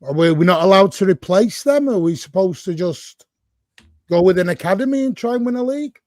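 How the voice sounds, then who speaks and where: A man's voice: sits high, lively intonation, a little fast, darkish tone, no room sound, studio quality. A man on a football podcast panel, arguing bluntly and with exasperation in a heated debate.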